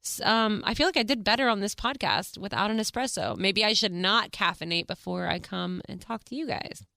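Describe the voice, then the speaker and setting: A woman's voice: medium pitch, fairly quick, creaky, bright, forceful tone, no echo, clean studio sound. Bubbly American woman hosting her podcast. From United States. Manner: bubbly and gushing, with frequent laughs. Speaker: podcast host. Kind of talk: casual podcast chat.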